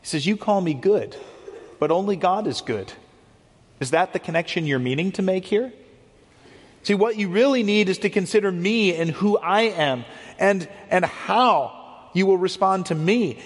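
A man with a high voice preaches a sermon as a pastor at a normal speed. He explains earnestly, often repeating words as he goes, and the recording carries a long hall reverb.

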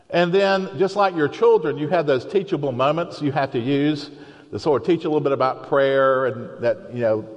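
A man preaches a sermon conversationally, telling stories and acting out the people he quotes. His voice is a little high and his speed normal, and a long hall reverb surrounds the recording.

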